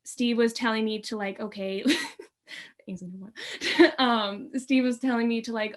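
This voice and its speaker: A young woman, a student performer, chatting casually with halting speech, many fillers and giggles. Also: medium pitch, fairly even intonation. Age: late teens. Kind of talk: casual chat.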